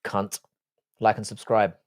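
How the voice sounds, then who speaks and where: A man's voice: fairly low pitch, completely flat delivery, measured pace. A man in his forties hosting a live stream, answering viewer chat in casual, blunt, profane, joking banter. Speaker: livestream host.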